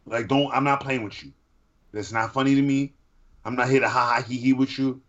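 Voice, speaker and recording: A man co-hosting a podcast in casual chat, animated and argumentative, at times bursting into shouts. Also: mid-range voice, brisk, muffled recording. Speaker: podcast co-host.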